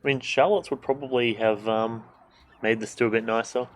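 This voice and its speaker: A man's voice: medium pitch, fairly even intonation, a little fast. A man streaming a game, chatting casually, joking and swearing, and reading the game's dialogue aloud. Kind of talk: casual gameplay commentary.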